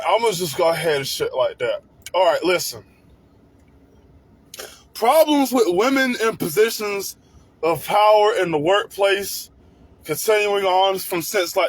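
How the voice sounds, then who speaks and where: A high-pitched, husky-voiced man rants crudely about his pet peeves, swearing constantly. He shifts between a mumbled drawl and sudden shouted bursts. His voice has a breathy, rough edge to it. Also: dry recording. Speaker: comedic rant host. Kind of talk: profane comedic rant.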